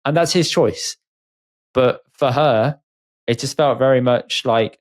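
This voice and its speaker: A man's voice: medium pitch, slow pace. A man co-hosting a podcast, chatting casually and giving opinions, often acting out what others said. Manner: opinionated, chatty, acts out quotes. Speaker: podcast co-host. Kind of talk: casual chat.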